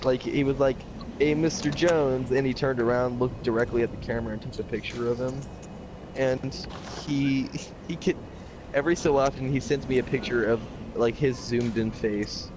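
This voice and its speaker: Young man, casual gaming chat, rambling, many fillers, does impressions, mid pitch, heavy background noise. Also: steady tone, moderate pace. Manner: rambling storyteller, many fillers, imitates his teacher. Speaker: gamer chatting with friends.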